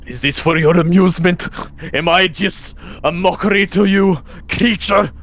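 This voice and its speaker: A man voicing a proud, embattled human warrior who shouts back in bitter defiance. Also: sits low, unhurried, vocal fry. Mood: angry, exasperated.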